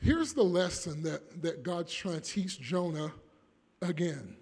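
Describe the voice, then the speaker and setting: Man, preacher, sermon, unhurried and deliberate, echoing sanctuary reverb. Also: fairly high pitch, a little mellow, husky. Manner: slow, deliberate scripture reading building to emphatic preaching. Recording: long reverb of a large hall.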